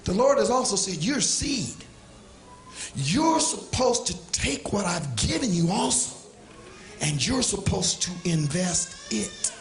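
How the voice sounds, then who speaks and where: A man preaching a sermon with passion, swinging from shouts down to quiet asides. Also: high-pitched, wildly swooping pitch, takes it slowly, roomy sound, faint music behind. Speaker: pastor. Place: church sanctuary.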